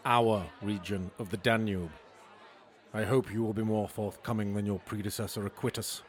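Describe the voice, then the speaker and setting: A man voicing a stiff, haughty barbarian king in a comedy sketch, delivered deadpan. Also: lowish voice, normal speed, some chatter behind, close to an everyday voice.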